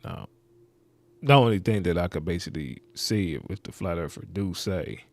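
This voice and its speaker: A man's voice: low voice, expressive, moderate pace. A man hosting a reaction video, rambling and skeptical, muttering asides as he comments.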